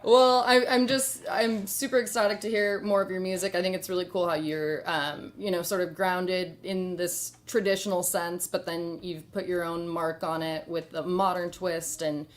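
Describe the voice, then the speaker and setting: A woman's voice: on the low side, level tone, moderate pace, hardly any pauses. A woman hosting a casual online chat with a band, upbeat and fond of jokes. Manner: upbeat, jokey, with fillers. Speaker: host.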